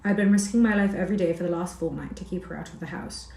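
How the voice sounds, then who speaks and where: A woman's voice: lowish voice, fast talker, vocal fry, darkish tone. A woman voicing a nervous rambling wanderer. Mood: worried. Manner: anxious rambling. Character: nervous ragged young male wanderer. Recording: roomy echo.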